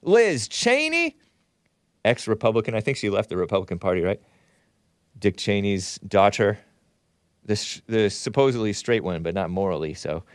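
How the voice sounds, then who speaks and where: A man's voice: fairly low pitch, very animated, normal speed, no room sound, studio quality. A man from Southern California hosting a talk show, reading viewer messages aloud with wry, sardonic asides.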